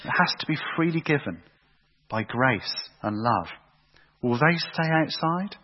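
A man's voice: fairly high pitch, expressive, unhurried. A man preaching a sermon with emphatic repetition and rhetorical questions. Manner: emphatic, repeats phrases for effect, asks rhetorical questions. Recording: echoey hall, dull lo-fi sound.

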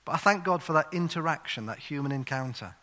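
A man's voice: a little high, expressive, fast talker, sharp tone. A man preaching a sermon in a conversational, storytelling way, full of "you know" asides, on a wireless mic in a church. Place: church hall. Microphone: wireless handheld or clip mic. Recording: long hall reverb.

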